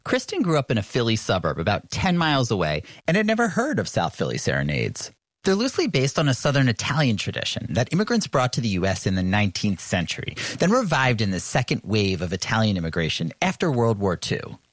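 A man's voice: fairly low pitch, huge pitch swings, quick pace, no room sound, clean studio sound. A man reporting a news feature in scripted narration.

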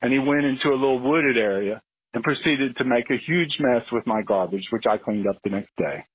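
A man from Florida tells a lively anecdote over a call-in line. His voice is husky and dry, and the narrow phone sound thins it out. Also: medium pitch, brisk, no room sound. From Florida, USA. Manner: animated storyteller, loud when acting out yelling. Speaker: caller. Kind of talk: telling a story on a call-in line.

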